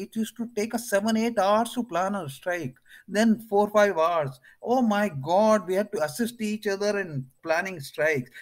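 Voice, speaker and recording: An older man with an Indian accent, a retired air force officer telling stories as an interview guest. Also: sits high. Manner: animated, acts out others' lines in his stories. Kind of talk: anecdotal interview storytelling.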